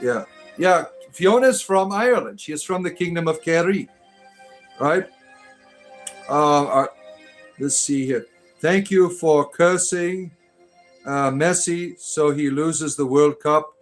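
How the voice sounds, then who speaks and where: A man from Detroit hosts a casual livestream, reading out his viewers' comments and answering them one by one. His voice sits a little high, and his talk rambles, full of fillers and false starts. Faint music plays quietly behind him. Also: slow, long pauses. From Detroit, Michigan. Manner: rambling, hesitant, many fillers and restarts. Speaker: livestream host reading chat.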